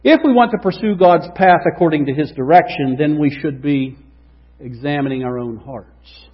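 A male pastor preaching a sermon in a church, animated, swinging from loud emphasis to hushed tones. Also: on the high side, moderate pace. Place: church sanctuary. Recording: dull lo-fi recording with long hall reverb.

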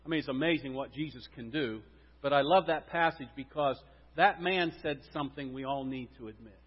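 A man preaching a sermon as pastor, emphatic, swinging from loud stressed words to quiet drops. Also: mid-range voice, fairly quick. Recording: dull sound with long reverb in a hall.

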